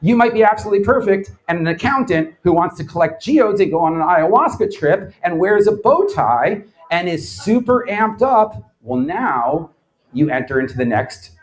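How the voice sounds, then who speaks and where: Male lecturer, 30s, slightly higher voice, dry comic storyteller before a live crowd. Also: normal speed, rough recording. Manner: sardonic, animated storytelling with acted-out quotes. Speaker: lecturer, former quiz show champion. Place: bar event space before a live audience.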